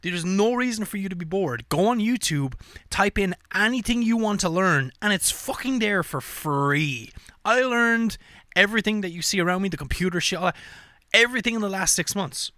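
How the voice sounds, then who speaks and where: A man's voice: high voice, normal speed, no room sound, clean studio sound. A man hosting a podcast, talking in a loose, profane, rambling rant with lots of fillers. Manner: profane, animated rants with frequent fillers. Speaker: podcast host. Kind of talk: casual ranting monologue.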